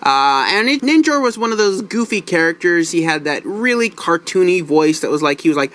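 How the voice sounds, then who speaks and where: A man's voice: high-pitched, very animated, fairly quick, few pauses, fairly bright tone. Chatty man reviewing a toy. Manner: chatty, apologetic, many fillers. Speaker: toy reviewer, channel host.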